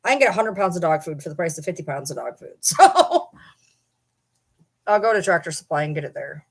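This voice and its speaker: A woman's voice: on the low side, big pitch swings, fairly quick, husky. A woman hosting a casual livestream, chatting and rambling to viewers and swearing casually. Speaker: livestream host.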